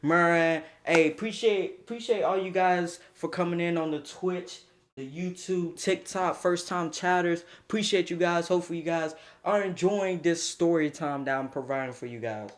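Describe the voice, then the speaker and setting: A young man streaming a casual storytime, slangy and animated, laughing often as he talks. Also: a little high, normal speed.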